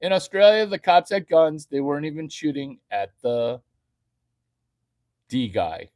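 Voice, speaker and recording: A man rants off the cuff in a slightly high voice that leaps all over the place. He talks slowly and crudely, swinging from loud outbursts to soft cooing baby talk. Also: lively intonation. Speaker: vlogger. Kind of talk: off-the-cuff comedic rant.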